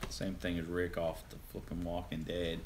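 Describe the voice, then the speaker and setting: A man's voice: sits low, monotone, normal speed, noisy background. A man joining a casual live-stream chat, tossing in dry teasing remarks.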